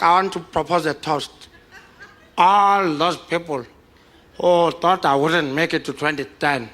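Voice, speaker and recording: A man's voice: on the high side, pushed and bright. A man putting on the voice of a playful, chuckling male statesman, teasing as he tells old jokes. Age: 90s.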